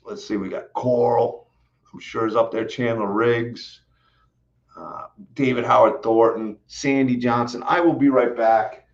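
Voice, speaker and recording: A man hosts a home live stream in a loose, rambling way, stumbling over fillers and doubling back on his words. His voice sits at an ordinary middle pitch, and he sounds a little winded. The audio is slightly dull and lo-fi. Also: steady tone, measured pace. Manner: rambling, repeats himself, many fillers. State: out of breath. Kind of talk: casual live stream chat.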